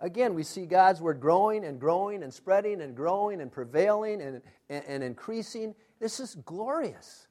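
Guy preaching, pretty high voice, keeps asking the crowd "what?", goes loud then real quiet. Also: expressive, moderate pace, hardly any pauses. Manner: emphatic, asks the congregation to fill in words; swings between loud emphasis and hushed, intense asides. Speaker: pastor. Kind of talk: sermon.

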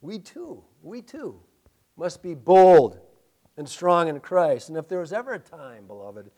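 A male pastor preaching a sermon, animated, with sarcastic asides and laughter. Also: high-pitched, unhurried.

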